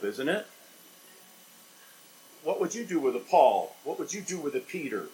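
A man preaching a sermon as a pastor, asking rhetorical questions and swinging between loud emphatic lines and quiet, low ones. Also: a little hiss or hum, poor audio. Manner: dynamic preaching with sharp swings in loudness and pitch, rhetorical questions.

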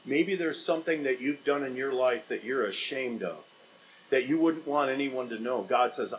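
A male pastor delivering a sermon with a voice of middle pitch. He moves between loud, rising emphasis and hushed, low passages, and asks the congregation questions. A faint hiss of noise sits under the voice. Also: expressive, moderate pace, rough recording. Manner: dynamic preaching with sharp swings in loudness and pitch, rhetorical questions.

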